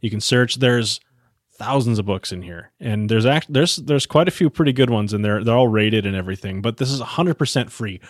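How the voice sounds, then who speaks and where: A man's voice: medium pitch, a little fast, dry recording. A man co-hosting a casual podcast, making dry joking asides and describing an app. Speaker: podcast co-host. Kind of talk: casual chat.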